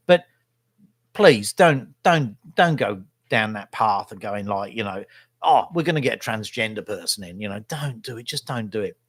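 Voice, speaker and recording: A middle-aged man rambles through a casual vlog, free with his opinions and forever checking in with "right?". His voice sits in an ordinary middle pitch, and it is recorded close and dry, with no room sound around it. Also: dry recording. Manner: opinionated, chatty, keeps tagging "right?". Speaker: vlogger and local newspaper photographer.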